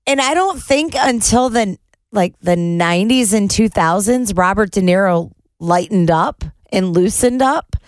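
A woman co-hosting a podcast in casual chat, quick to exclaim and react. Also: medium pitch, expressive, dry recording. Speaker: podcast co-host.

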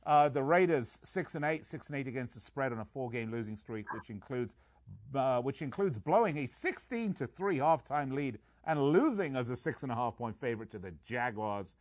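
A man's voice: mid-range voice, lively intonation, moderate pace, dry recording, studio quality. A man hosting a sports betting show, chatting casually with wisecracking jokes and playful sales patter. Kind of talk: casual podcast chat.

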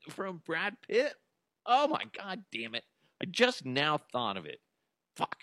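Male comedy host, lively swooping delivery, crude humor, dry close sound. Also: high voice, slow pace, long pauses, dry recording. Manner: animated and profane, jumps into silly voices. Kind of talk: comedic news commentary.

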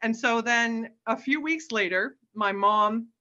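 A woman's voice: on the high side, slow, pushed and bright, lo-fi sound. A woman guest telling stories in a casual, chatty way, often adding "like" and "right?" and laughing. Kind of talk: casual storytelling.

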